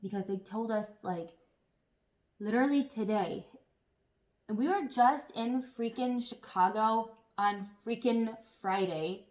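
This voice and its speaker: A woman chatting casually to camera as a vlogger, telling stories in an animated way with some swearing. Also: fairly high pitch, a little slow.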